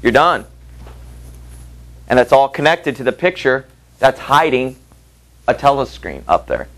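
A man's voice: medium pitch, sing-song, measured pace, a bit bright, low-quality recording. A male teacher giving a literature lecture, reading passages aloud and asking the class rhetorical questions in a conversational way.

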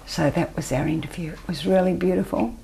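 An older Australian woman telling her personal story as an interview guest, soft-spoken and often trailing off into near-whispers. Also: fairly low pitch, fairly even intonation, a little fast, vocal fry, poor audio. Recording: faint background noise.

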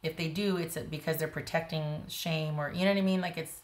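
A woman's voice: low-pitched, steady tone, a little fast. A woman giving a casual tarot reading, talking bluntly and emphatically, with frequent restarts. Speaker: tarot reader.

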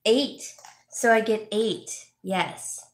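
A middle-aged woman chats slowly and effusively as she opens packages and thanks viewers by name. Her voice sits at an ordinary pitch. The home room adds a roomy echo with a faint hiss behind it. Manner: chatty, gushing, reads viewer names aloud. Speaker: vlog host, home stager. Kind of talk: casual live-chat haul vlog.

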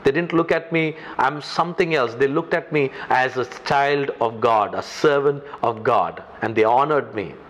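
A man's voice: mid-range voice, moderate pace, few pauses, a bit bright. A pastor from India preaching a sermon in English with an Indian accent, emphatic and repeating his key phrases.

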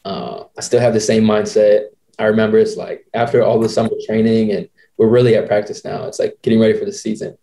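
Mellow-voiced man telling stories. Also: on the low side, quick pace, creaky. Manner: animated, slangy, quotes people in his stories. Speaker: podcast host. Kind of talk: casual storytelling.

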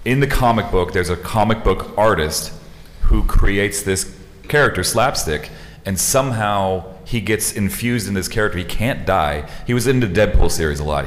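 A man, a guest actor at a convention panel, chatting excitedly and laughing often. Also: low voice. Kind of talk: casual convention panel chat. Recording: long hall reverb, background noise.

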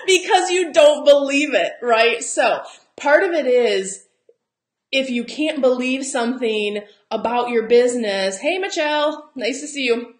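A woman with a Southern American accent gives a chatty, encouraging coaching talk, slipping into little acted-out quotes. Her voice sits a touch high, and the room around her is noticeably roomy and echoey. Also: normal speed. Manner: chatty and encouraging, often laughing and acting out quotes. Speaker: travel business coach. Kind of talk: live-streamed coaching talk. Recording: roomy echo.

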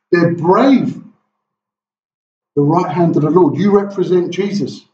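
A man's voice: high-pitched, a little slow, long pauses, mellow. Impassioned male preacher in an echoey hall. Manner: impassioned, rhetorical questions. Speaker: pastor. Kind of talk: sermon. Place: church hall. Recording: echoey, distant, dull room recording.

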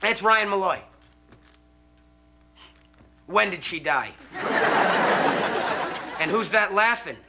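Brief: cocky wisecracking young guy, highish and lively, heavy hiss. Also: drawn-out words, pauses often, full character voice. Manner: smart-alecky, deadpan.

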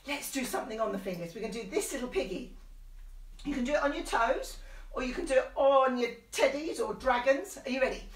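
High-voiced woman singing nursery rhymes. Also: brisk, distant mic. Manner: sing-song, encouraging, playful sneezes. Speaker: children's sing-along leader. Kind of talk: singing nursery rhymes and leading actions for small children. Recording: echoey room, a bit off mic.

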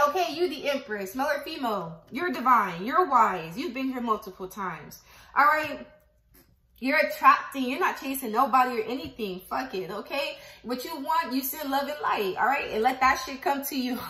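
A woman's voice: high voice, bright, forceful tone, echoey room, poor audio. A woman giving a casual tarot reading to camera, chatty and profane, affirming her viewers and counting numbers aloud as she goes. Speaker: tarot reader.

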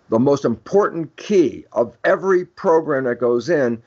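A man's voice: on the high side, expressive, unhurried, hardly any pauses, a little mellow. An older man, a guest expert on a podcast, explaining his ideas in an emphatic lecturing way and acting out quoted dialogue. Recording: dull lo-fi audio.

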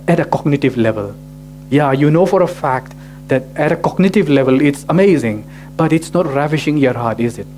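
A man's voice: on the high side, darkish tone. A male pastor preaching a sermon, asking rhetorical questions and often adding "right?" to his sentences. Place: church gathering.

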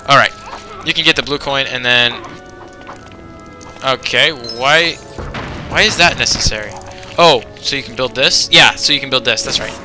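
A man's voice: medium pitch, bright, forceful tone, rough recording. A man giving casual video game commentary, rambling with lots of fillers and often exasperated at the game. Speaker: let's play host.

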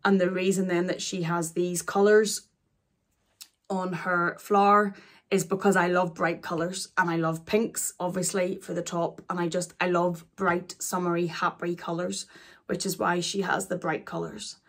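A woman in her forties chats to camera through an unboxing. Her voice sits a little low for a woman, and she speaks in halting bursts, restarting her sentences as emotion gets the better of her. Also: little pitch movement. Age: 40s. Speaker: luxury vlogger. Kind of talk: chatty unboxing vlog.

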